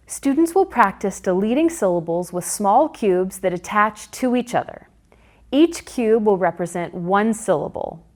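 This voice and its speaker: A woman's voice: mid-range voice, a little mellow. A woman narrating a scripted phonics lesson, stressing each example word as she walks through the steps. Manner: slow, deliberate, sing-song stress on example words. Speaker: literacy instructor.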